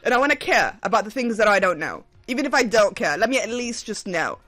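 A woman co-hosting a radio show in casual chat, playful and quick to laugh, with bursts of mock indignation. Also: mid-range voice, big pitch swings, a bit bright, no echo, faint music behind. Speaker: radio co-host.

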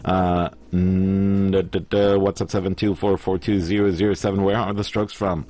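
Chatty male radio host, low-pitched. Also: flat delivery, moderate pace, mellow. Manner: chatty, laughs easily, reads listener messages. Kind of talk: casual radio chat.

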